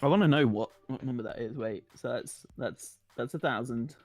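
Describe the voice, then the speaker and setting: A man's voice: mid-range voice, normal speed, a little mellow. A man streaming a game, chatting casually in a giggly, playful way.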